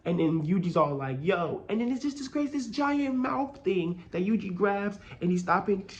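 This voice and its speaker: A young man giving casual, excitable video commentary on a manga chapter, full of slang and asides, often trailing off into a low murmur. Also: normal speed, muffled recording, slight background noise.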